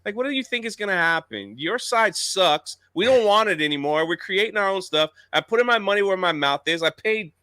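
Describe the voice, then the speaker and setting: A man co-hosting a casual livestream chat, talking in an animated, indignant way about his own project. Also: high-pitched, fairly quick, hardly any pauses, no room sound. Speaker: podcast co-host.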